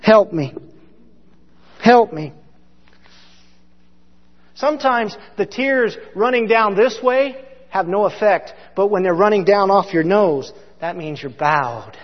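Male preacher, high voice, impassioned sermon, loud then hushed, dull reverberant hall recording. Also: a little slow.

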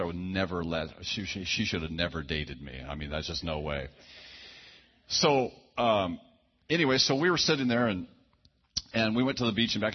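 A man preaches in a loose, folksy storytelling style, doubling back and tossing in asides. His voice sits low with a husky grain. The recording is a little dull and lo-fi. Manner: folksy, conversational, frequent restarts and asides. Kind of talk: storytelling sermon. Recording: dull lo-fi sound.

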